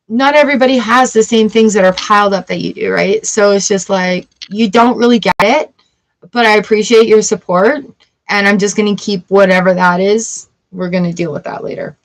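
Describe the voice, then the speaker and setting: A woman's voice: mid-range voice, fairly even intonation, moderate pace. A woman giving a casual tarot reading, chatty and playful, with the odd swear word. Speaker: tarot reader.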